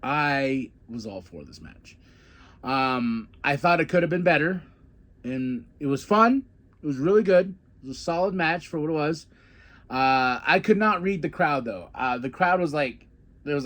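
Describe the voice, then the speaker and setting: A man with a somewhat high voice hosts a podcast and recaps a wrestling event in a loose, chatty way. He talks like a fan and often slips into lively quoted lines. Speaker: podcast host.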